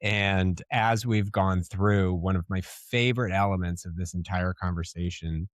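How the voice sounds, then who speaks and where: A man's voice: low-pitched, steady tone, measured pace, no echo, studio quality. A man co-hosting a podcast, talking casually and laughing easily. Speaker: podcast co-host.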